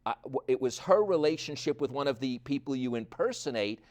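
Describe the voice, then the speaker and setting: Halting male talk show host. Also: mid-range voice, animated, darkish tone. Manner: halting, searching for words. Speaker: interviewer host.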